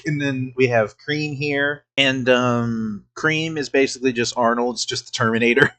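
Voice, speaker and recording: A man's voice: mid-range voice, fairly even intonation, a little fast, few pauses, a bit bright. A man giving casual reaction commentary as a streamer host, laughing often, swearing, and restarting his sentences.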